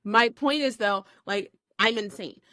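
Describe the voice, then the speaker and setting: Podcast host lady in her 40s, bright punchy voice, dry close sound, animated storyteller. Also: mid-range voice, measured pace, no room sound. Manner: animated storyteller who acts out quotes. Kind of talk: casual chat.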